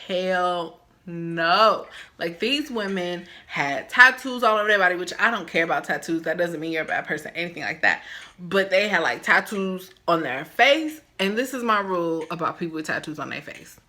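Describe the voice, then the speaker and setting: Bright-voiced woman telling a storytime. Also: fairly low pitch, brisk. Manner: animated, acts out quoted voices. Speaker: vlogger. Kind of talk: storytime vlog.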